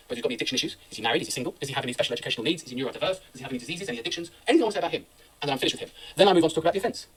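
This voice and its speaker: A middle-aged man giving a brisk, anecdotal law lecture to students, recorded from a distance. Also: on the high side, a bit bright, husky. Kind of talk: classroom lecture.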